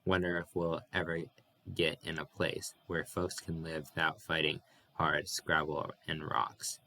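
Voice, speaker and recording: A man's voice: very deep voice, monotone, a little slow, sharp tone, exaggerated voice. A man voicing a restless, plainspoken young farmhand in an audiobook reading.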